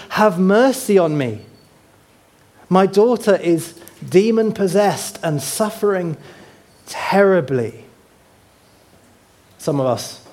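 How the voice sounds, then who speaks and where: A man's voice: on the high side, a little mellow. A man preaching a sermon in a conversational way, asking his congregation questions and pointing them to a map. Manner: points to a map while teaching.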